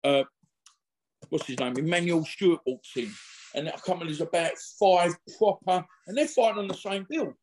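A middle-aged man talks in a rambling, slangy way, stopping and restarting as he acts out what others said. His voice sits a little higher than most men's. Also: a little fast, darkish tone, slight background noise. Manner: rambling and slangy, full of restarts and acted-out quotes. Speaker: interview guest. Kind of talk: casual anecdotal storytelling.

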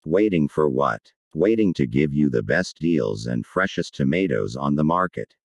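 A performer voicing an ominous male ad announcer in a spoof commercial, with a slow, brooding, creepy delivery. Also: very deep voice, expressive, no room sound, pitched below the performer's own voice, heavily acted.

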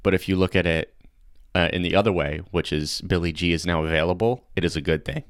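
Deep-voiced excitable podcast guy. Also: fast talker, clean tone, no room sound. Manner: chatty and excitable, laughs often, fillers. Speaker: podcast host. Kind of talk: casual comedic podcast chat.

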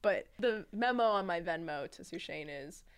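A woman's voice: fairly low pitch, expressive, moderate pace, clean tone. Chatty young woman telling a story. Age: young adult. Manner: rambling storyteller, laughs often. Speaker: podcast host. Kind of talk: casual chat.

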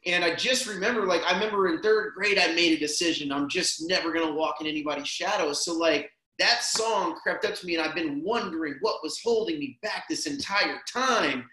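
A man with a fairly high voice tells a personal story quickly, with few pauses, in relaxed and rambling conversation, sprinkling in "man" and "dude." There's slight background noise and a roomy echo.

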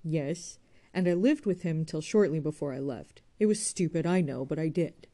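A woman reading aloud voices a blunt, careless young woman who speaks briskly and forcefully. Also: low voice. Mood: confiding.

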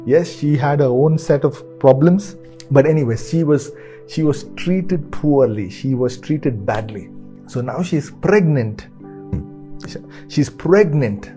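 A male pastor preaching a sermon, repeating phrases and swinging from hushed asides to loud emphasis. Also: medium pitch. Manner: repetitive, excitable, swinging from hushed to shouted.

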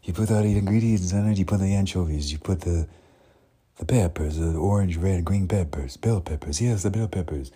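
A man voicing a bossy, excitable Italian chef giving loud, hurried orders in a kitchen. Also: sits low, breathy edge, voice pushed up.

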